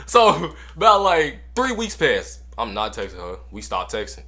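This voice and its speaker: A young man casually telling a story to camera in a slangy, animated way, repeating lines for effect. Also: a little high, normal speed. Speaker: storytime vlogger.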